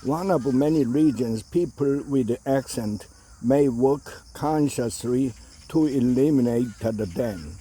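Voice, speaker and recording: A man reading an opinion essay aloud in a measured way, with the odd hesitation. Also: mid-range voice, mellow, husky.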